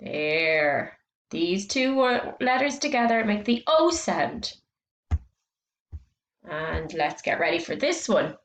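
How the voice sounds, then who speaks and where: A woman teaching a phonics lesson to young children, speaking slowly and clearly, stretching out sounds and encouraging them. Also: lowish voice, very animated, fairly bright tone, echoey room.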